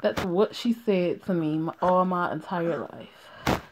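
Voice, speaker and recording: A woman voicing a tearful, bitter young woman who speaks quietly. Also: on the low side, slow, background noise. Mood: hurt. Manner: quiet and subdued.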